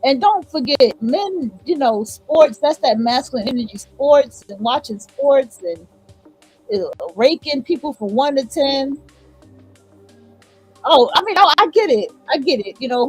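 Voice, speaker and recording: A high-pitched woman hosts a stream and reacts to clips with sassy, profane commentary. She talks casually and directly, with faint music underneath. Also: a little mellow, low-quality recording. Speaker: livestream host.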